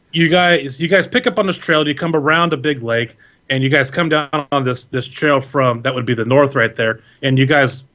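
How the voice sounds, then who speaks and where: A man narrates a tabletop adventure as game master, rambling easily and correcting himself as he goes. His voice sits at an ordinary middle pitch, and he talks over a video call. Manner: relaxed, rambling, with fillers and self-corrections.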